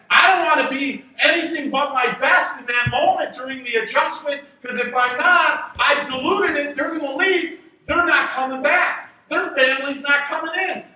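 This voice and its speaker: A man with a very high, piercing voice preaches from a stage, mixing fired-up shouts with quiet asides. His bright, sharp tone rings out through a large reverberant hall, heard from a distance. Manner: energetic, shouting at peaks, drops to a hushed aside. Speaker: chiropractor speaking at a seminar. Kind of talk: motivational stage talk. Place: large event hall with an audience.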